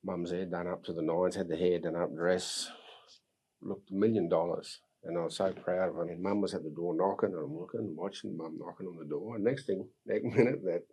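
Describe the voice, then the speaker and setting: A man in his sixties with an Australian accent, an earnest podcast guest telling personal stories, reflective, with soft laughs. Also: low voice, steady tone, a little fast, breathy edge. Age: 60s. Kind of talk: personal storytelling.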